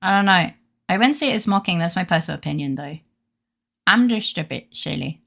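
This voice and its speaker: A woman's voice: on the low side, expressive, fairly quick, vocal fry, fairly bright tone. A young woman chatting casually on a game live stream, reading chat and rambling with freely dropped swears.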